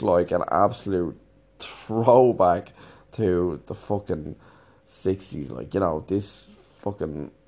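A man's voice: lowish voice, a little mellow. A man telling a rambling, casual anecdote, swearing freely as he goes. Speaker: teacher and storyteller.

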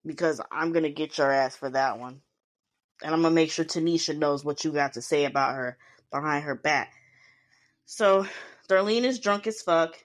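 Female podcast host, lowish pitch, loose recap style, profane and animated in her retelling. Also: normal speed. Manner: chatty, swearing freely, acting out quotes. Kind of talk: casual recap chat.

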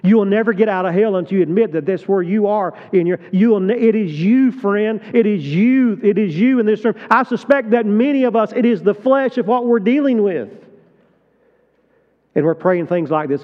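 A male pastor preaching a sermon with passion, swinging from hushed tones to loud emphatic peaks. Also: high-pitched, moderate pace. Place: large church hall. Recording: dull sound, long hall reverb.

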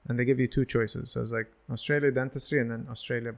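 A young man from the UAE, a guest in a casual chat, telling animated stories and acting out the people in them with laughs. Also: mid-range voice, fast talker, creaky. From United Arab Emirates. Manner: animated, acts out quoted voices, laughs often.

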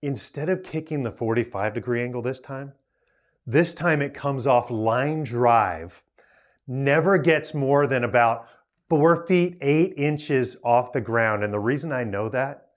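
A man in his forties giving a storytelling talk as a youth speaker, animated and poking fun at himself as he laughs through it. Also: medium pitch, measured pace. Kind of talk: storytelling talk to a young audience.

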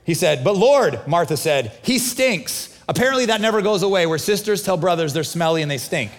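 High-voiced pastor preaching casually. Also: male voice, lively intonation, fast talker. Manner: casual, conversational preaching with acted-out dialogue. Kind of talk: sermon.

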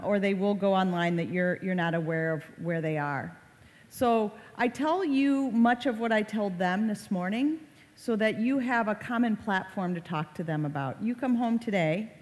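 An online safety educator addresses parents in a conversational talk, acting out short quoted lines. Her voice is medium-pitched and a little mellow, echoing in a reverberant hall.

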